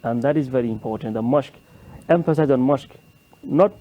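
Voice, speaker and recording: A man sitting as a judge on a studio panel, giving earnest, measured advice in simple phrasing. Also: medium pitch, highs cut off. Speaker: competition judge.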